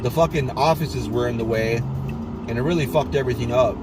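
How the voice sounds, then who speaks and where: A man's voice: mid-range voice, moderate pace, noisy background. A man in casual venting, ranting in a frustrated, profane and repetitive way. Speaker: warehouse worker.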